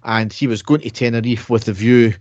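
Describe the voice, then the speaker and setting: A man's voice: medium pitch, fairly even intonation, brisk, darkish tone, dry recording, dull audio. A man co-hosting a podcast, telling a story in a chatty way and laughing at his own tales. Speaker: podcast co-host. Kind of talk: casual chat.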